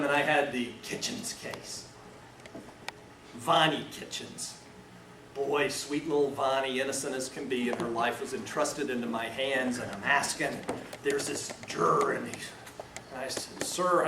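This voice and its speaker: Lawyer-teacher, lively and theatrical, slightly high voice, recorded far off with loud room noise. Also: male voice. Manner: animated, acts out scenes, shifts between loud and hushed. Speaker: defense lawyer teaching a seminar. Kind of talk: lecture with storytelling. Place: lecture room. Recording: echoey room, far mic, noisy.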